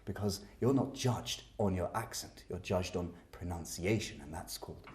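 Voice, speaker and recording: Low, mellow male speaking teacher. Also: moderate pace. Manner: emphatic, explanatory. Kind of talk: scripted speaking lesson.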